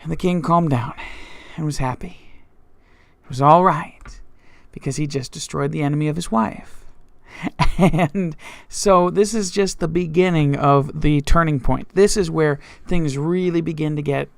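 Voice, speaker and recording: A man's voice: a little high, a little slow, gravelly, no echo. A male pastor teaching a Bible study, retelling scripture in his own words, with frequent restarts and fillers.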